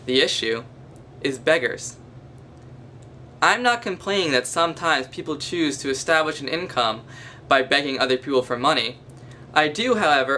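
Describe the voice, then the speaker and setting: A man's voice: fairly high pitch, animated, moderate pace, pushed and bright, slight background noise. A young man with a nasal voice, speaking to camera in a mock-formal, pompous manner from a basement at night. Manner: pompous, long-winded formal phrasing. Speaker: vlogger. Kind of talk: mock-formal comedic monologue.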